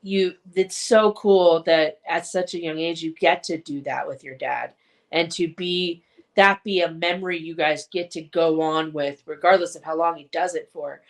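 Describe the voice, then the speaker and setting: A woman's voice: deep voice, fairly even intonation, moderate pace. A woman co-hosting a podcast in casual chat, rambling along with many fillers. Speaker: podcast co-host.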